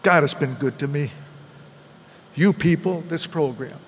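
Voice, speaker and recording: Earnest older man with a high voice. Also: unhurried, long reverb tail, slight background noise. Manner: earnest and heartfelt, repeats phrases for emphasis. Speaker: speaker at a recovery meeting. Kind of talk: personal testimony talk.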